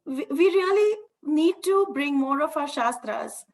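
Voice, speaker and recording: A woman's voice: high voice, lively intonation, unhurried. A woman moderating a video call panel in a casual style, with hesitant, filler-heavy phrasing. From United States.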